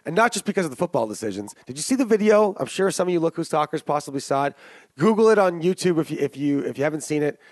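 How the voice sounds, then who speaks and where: A man co-hosting a casual sports betting podcast, talking in a profane, animated ranting way. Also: a little high, quick pace, no echo. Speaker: podcast co-host.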